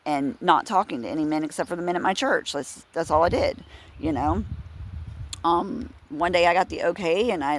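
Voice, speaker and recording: A woman giving a casual personal testimony, earnest and confessional, rambling with restarts and bursts of laughter. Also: low-pitched. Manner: rambling, full of fillers and restarts, breaks into laughs. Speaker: Christian speaker sharing her testimony.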